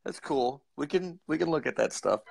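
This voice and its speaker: A man's voice: a little high, lively intonation, normal speed, gravelly, darkish tone, breathy edge, no room sound. Joking man, dry close sound. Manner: joking, laughs easily. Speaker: co-host. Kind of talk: casual live-stream chat. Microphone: video call.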